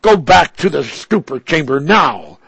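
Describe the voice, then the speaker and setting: Male reader as proud inventor figure, husky, dry, forceful orders. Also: fairly high pitch, wildly swooping pitch, a little slow, no echo, exaggerated voice. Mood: indignant. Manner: commanding, indignant.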